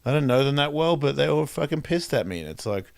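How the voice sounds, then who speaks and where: A man's voice: a little high, expressive, fast talker, creaky, dry recording, clean studio sound. A man hosting a radio talk show, musing candidly in a rambling way with lots of fillers and restarts. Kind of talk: reflective casual monologue.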